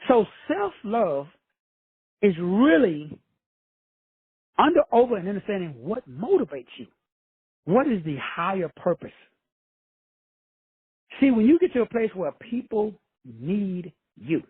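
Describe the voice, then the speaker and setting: Man preaching self-help, casual and profane, husky high voice, dry close sound. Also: big pitch swings, measured pace, long pauses, no echo, phone-quality sound. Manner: preachy, addresses listeners as brothers and sisters; casual, with frequent swearing. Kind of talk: motivational talk.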